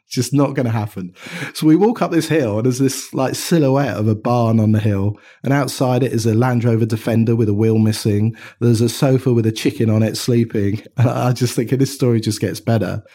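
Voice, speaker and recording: A man with an English accent telling animated stories in a casual interview, with frequent restarts. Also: mid-range voice, brisk. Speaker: watch company co-founder, guest.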